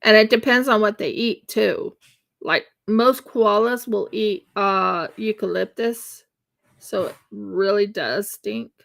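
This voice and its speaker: A woman's voice: medium pitch, slow, creaky, fairly bright tone. A woman chatting casually and rambling on a live stream while she crafts. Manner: chatty and rambling, with laughs and fillers.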